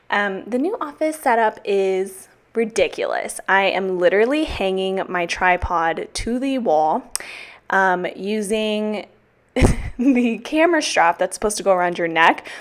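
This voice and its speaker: A young woman with a Texan accent giving a casual, profane, self-mocking voiceover as a planner vlogger, a little out of breath. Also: medium pitch.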